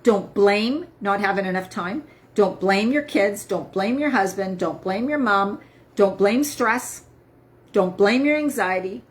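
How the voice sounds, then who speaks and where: A woman health coach talking casually to viewers on a live stream, emphatic and upbeat, often asking "right?". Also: mid-range voice.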